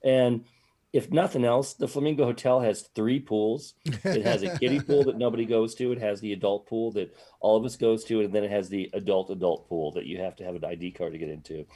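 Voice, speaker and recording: A man with a low voice speaks as a guest on a video call. His tone is mellow, and he rambles and repeats himself as he explains. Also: brisk. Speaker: guest author. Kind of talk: interview.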